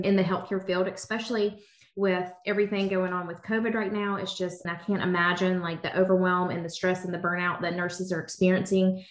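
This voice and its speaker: A woman's voice: medium pitch, little pitch movement, normal speed. A woman hosting a podcast, talking in an empathetic, conversational way and framing long questions for her guest. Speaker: podcast host. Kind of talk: casual podcast interview. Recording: echoey room.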